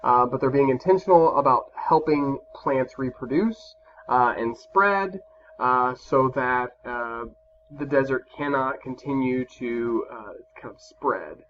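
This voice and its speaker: A man's voice: mid-range voice, slow pace. A male teacher giving a recorded classroom lesson over slides, talking casually with many fillers and restarts. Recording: slightly dull lo-fi recording with faint background hum.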